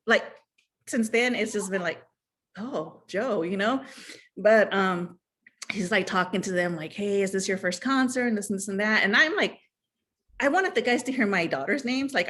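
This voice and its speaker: A woman in her thirties or forties telling a personal story in a chatty, animated way, full of fillers and asides. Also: mid-range voice. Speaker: guest sharing fan memories. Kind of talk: casual storytelling chat.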